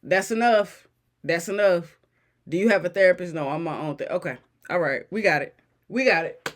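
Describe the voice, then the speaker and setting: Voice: mid-range voice, quick pace, a bit bright. A reaction video host talking casually and cursing a lot, getting irritated and mimicking the people in the clip. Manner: profane, exasperated, repeats clip lines aloud; mocking impressions of people in the clip.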